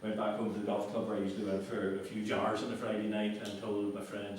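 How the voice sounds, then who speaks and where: A man's voice: fairly low pitch, monotone, quick pace, few pauses, background noise. A man giving a conversational, self-mocking talk to an audience in a lecture hall. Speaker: guest speaker. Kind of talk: anecdotal public talk. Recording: echoey hall from far off.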